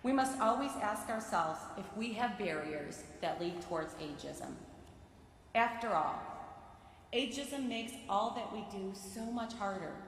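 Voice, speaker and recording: A woman giving a sermon from the pulpit of a large synagogue sanctuary, reading prepared remarks in a measured, earnest way. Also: medium pitch, slight background noise. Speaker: lay speaker giving a sermon. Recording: very echoey sanctuary with long reverb.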